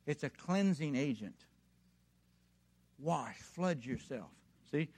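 Speaking slowly but with animation, a preacher in a somewhat high voice delivers his sermon to the congregation, asking them rhetorical questions. He shifts between soft storytelling and forceful appeals that climb to a loud, emphatic pitch.

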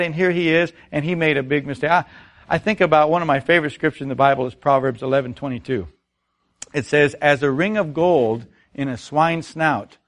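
A middle-aged man preaching a sermon, telling stories and asking the congregation rhetorical questions. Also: fairly high pitch. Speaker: pastor.

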